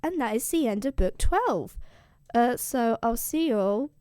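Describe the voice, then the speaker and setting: A woman's voice: a little high, animated, measured pace, a little mellow, smooth, dry recording, studio quality. A young woman retelling a classic epic in a slangy, jokey, offhand way. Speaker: classics explainer. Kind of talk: casual comedic retelling of a classic.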